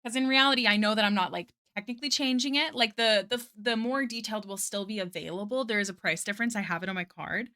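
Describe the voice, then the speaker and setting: Woman, live art streamer. Bright, chatty, casual, talks to chat while working. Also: mid-range voice, fast talker, few pauses. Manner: chatty, answers chat, many "like" fillers.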